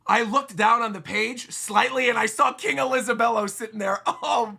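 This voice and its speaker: An excitable male streamer reacting live, hopping from point to point and laughing along the way. His voice is bright and forceful, and his pitch swings all over. He sits a little higher than most men. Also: a little fast, gravelly, hardly any pauses, breathy edge. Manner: excitable, jumps between thoughts, laughs often. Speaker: livestream host reacting to comics. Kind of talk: casual livestream reaction.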